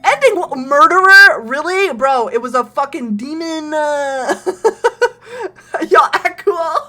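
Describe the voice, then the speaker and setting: A young woman streaming a horror game, excitable, laughing often and swearing casually. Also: very high-pitched, drawn-out words, long pauses, faint music behind. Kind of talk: casual gameplay commentary.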